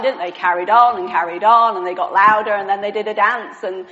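A woman's voice: mid-range voice, fairly even intonation, fairly quick, hardly any pauses, bright, forceful tone, big-room sound, dull audio. A woman preaching an all-age sermon with props, chatty and self-deprecating, asking the congregation questions.

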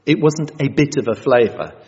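Man, 50s, sermon, self-mocking storyteller, swooping lively pitch, muffled sound, long hall echo. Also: normal speed. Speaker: preacher. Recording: dull sound in a reverberant hall.

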